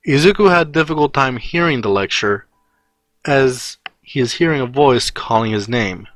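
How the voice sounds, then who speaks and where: A man narrating a fan story in a plain, steady reading. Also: medium pitch, normal speed, dry recording, soft background music.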